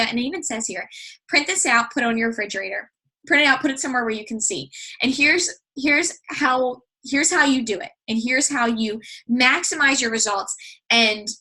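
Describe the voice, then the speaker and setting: A chatty woman fitness coach walks viewers through a meal plan in a casual, upbeat ramble full of fillers and restarts. Her voice sits a little high and sounds bright and forward. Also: rough recording. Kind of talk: casual instructional talk.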